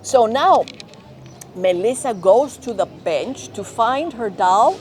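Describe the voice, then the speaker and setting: Lady teacher telling kids a story, slow and careful, a bit high voice, faint noise behind. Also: lively intonation, darkish tone. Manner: slow, clear, often checking with children. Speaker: teacher, director of studies. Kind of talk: storytelling to young learners.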